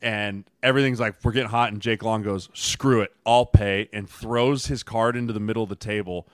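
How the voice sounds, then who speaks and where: Man, football podcast co-host, low pitch, dry close mic, mocking storyteller. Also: steady tone, fairly quick, clean tone, dry recording. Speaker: podcast co-host, former NFL lineman. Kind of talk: casual chat.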